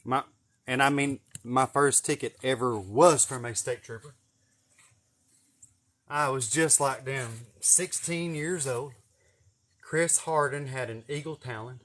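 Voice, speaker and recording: A man's voice: medium pitch, fairly bright tone. A man, telling a personal story to camera in a folksy, profane, chuckling way. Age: 40s.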